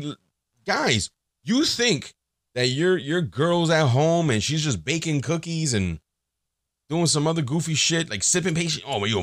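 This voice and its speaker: Crude, rambling man with lively pitch. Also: no echo, studio quality. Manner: crude, joking, rambling with many fillers. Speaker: podcast host. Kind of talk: casual solo podcast monologue.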